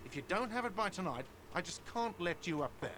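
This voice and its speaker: A man's voice: sits high, animated, fast talker, background noise. A man voicing a harried cafeteria manager who is apologetic but firm and talks in a flustered, pleading way.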